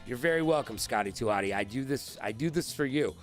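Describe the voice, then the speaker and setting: A man hosting a live-stream trivia game, excitable and profane, riffing with his chat. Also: medium pitch, fast, soft background music.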